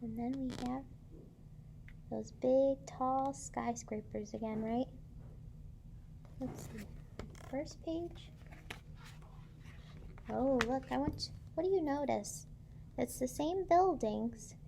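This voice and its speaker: A woman's voice: high-pitched, takes it slowly, vocal fry, long pauses, background noise. A woman teacher reading a picture book aloud to children and stopping to ask them questions. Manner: asks children questions, gentle and encouraging.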